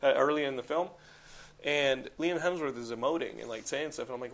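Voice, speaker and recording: A man's voice: medium pitch, brisk, creaky. A man in casual chat reviewing films, rambling with lots of "like" and swearing. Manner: rambling, heavy use of "like", profane and animated. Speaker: podcast co-host reviewing films.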